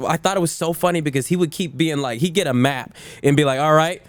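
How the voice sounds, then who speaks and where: A man's voice: on the high side, fast, dry recording. A young man co-hosting a podcast, chatting casually with rambling jokes and frequent laughter. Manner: joking, rambling, laughs often. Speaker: podcast co-host. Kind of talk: casual chat.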